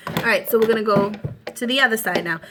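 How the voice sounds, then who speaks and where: Talking fast over background music, a woman in her thirties with a higher-pitched voice and a Boston accent guides viewers through a relaxed makeup tutorial at home. Her manner is chatty and reassuring, and she uses plenty of fillers.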